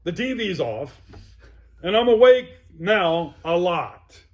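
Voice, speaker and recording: A man's voice: sits high, sing-song, slow. A man telling his own story as an interview guest, plainspoken and vivid. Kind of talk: personal recovery story.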